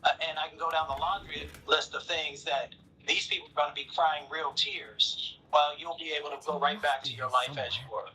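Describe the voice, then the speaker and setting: A man's voice: fairly high pitch, fairly even intonation, a little fast, bright, forceful tone, a little hiss or hum, rough recording. A man streaming and reacting to videos, talking casually to his viewers with many restarts. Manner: rambling with restarts, talks to viewers as y'all. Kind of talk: casual commentary.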